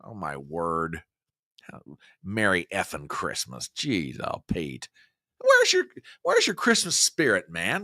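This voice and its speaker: An older man chatting with his livestream viewers in a lively, playful way, with a lot of exclamations. His voice sits low but swings widely in pitch. The tone is bright and a little sharp, and the sound is dry and close. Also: normal speed, no room sound. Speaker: livestream host. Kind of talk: casual chat greeting viewers.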